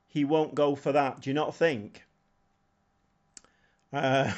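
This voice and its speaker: A man's voice: medium pitch, fairly even intonation, takes it slowly. A man chatting casually on a live stream, thinking aloud in a rambling way and chuckling often. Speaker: game streamer.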